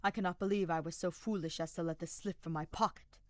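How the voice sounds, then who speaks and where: A woman's voice: fairly low pitch, fairly even intonation, fast talker, a little mellow, dry recording, studio quality, natural voice. A woman doing a dour, formal young mage.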